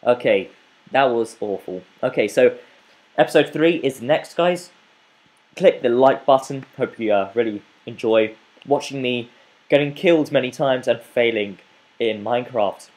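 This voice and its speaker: Frustrated young gamer, slow talker. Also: male voice, mid-range voice. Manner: frustrated, swings from muttering to yelling. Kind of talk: let's play commentary.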